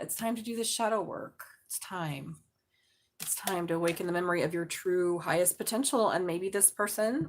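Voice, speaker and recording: A woman doing a live tarot reading, excitable and chatty, jumping from loud exclamations to low murmurs. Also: slight background noise. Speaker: tarot reader.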